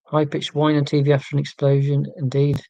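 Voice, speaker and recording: A man's voice: on the high side, monotone, fairly quick, creaky, mellow, no room sound. Wry, rambling man in his forties. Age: 40s. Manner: rambling, wry and self-mocking, with many fillers and restarts. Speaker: livestream host reading viewer comments. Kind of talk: casual livestream chat.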